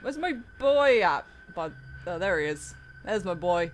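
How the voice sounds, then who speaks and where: Very animated yet unhurried, a young gaming YouTuber with a lowish voice plays a horror game, chatting to characters while she swears and laughs in panic. Faint music can be heard behind her let's-play commentary.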